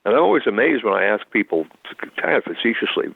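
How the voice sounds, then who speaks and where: A man's voice: fairly low pitch, very animated, fast, vocal fry, breathy edge, dry recording. A man from the United States, a constitutional attorney, explaining law in an interview in a methodical, lecturing way with frequent restarts. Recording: tinny phone line.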